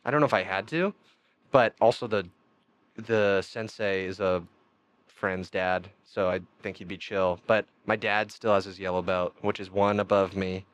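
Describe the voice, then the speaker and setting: A man's voice: moderate pace, clean tone. A man, a podcast guest telling rambling stories in casual chat with frequent laughs. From Canada. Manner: animated, rambling storytelling with frequent laughs and pitch jumps.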